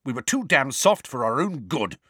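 A man's voice: mid-range voice, very animated, normal speed, sharp tone, breathy edge, no echo, clean studio sound, voice pushed up, full character voice. A man voicing a blustering, bullying middle-aged uncle who roars. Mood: contemptuous. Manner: roaring.

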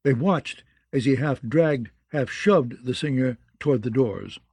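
A man narrating a fantasy audiobook in a measured, descriptive way, close to the mic. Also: medium pitch, a little mellow, husky, dry recording.

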